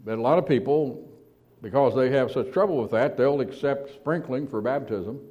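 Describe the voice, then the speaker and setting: A man preaching a sermon, asking rhetorical questions and slowing down to stress key words, with quiet asides between louder emphatic points. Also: mid-range voice, highs cut off.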